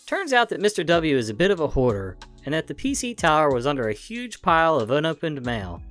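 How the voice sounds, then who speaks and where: A man narrating funny internet stories in a lively, expressive way. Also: fairly high pitch, fairly quick, soft background music. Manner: lively, expressive, acts out the dialogue. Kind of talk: reading internet stories aloud.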